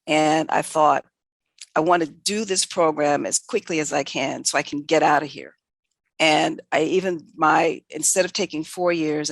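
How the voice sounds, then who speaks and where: Older woman, gravelly, telling stories. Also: sits low, no echo. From New York City. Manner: animated, self-correcting anecdotes with quoted dialogue. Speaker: veterinarian guest. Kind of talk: candid conversational storytelling.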